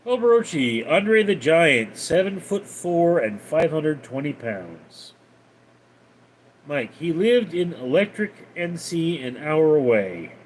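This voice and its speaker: Slow, lively-pitched man reading chat. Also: a little hiss or hum. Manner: reads out viewer names and messages, deadpan replies. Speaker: livestream host reading chat. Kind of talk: casual livestream chat.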